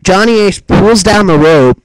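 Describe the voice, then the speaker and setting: High-voiced man rambling casually. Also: lively intonation, measured pace, slight background noise, low-quality recording. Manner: rambling and loose, lots of "like" and "um", casual swearing. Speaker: co-host of a wrestling talk show. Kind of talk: casual chat recapping a wrestling broadcast.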